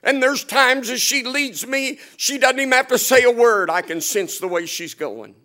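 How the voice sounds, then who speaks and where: A man preaching a storytelling sermon in a folksy, humorous way, chuckling often and swinging between loud and hushed delivery. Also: extremely high pitch, moderate pace. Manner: often chuckles while telling stories.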